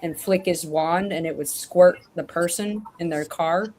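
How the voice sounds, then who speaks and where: A woman's voice: lowish voice, a little slow, a little mellow, slight background noise. A woman in casual chat, rambling and correcting herself as she tells stories over a remote call.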